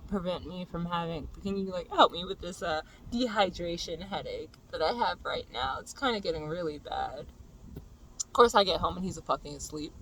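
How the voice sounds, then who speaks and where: Young adult, vlogger, storytime rant, profane, exasperated, bright tense tone. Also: medium pitch, slight background noise, low-quality recording. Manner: profane, exasperated ranting that builds to shouting. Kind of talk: venting storytime monologue.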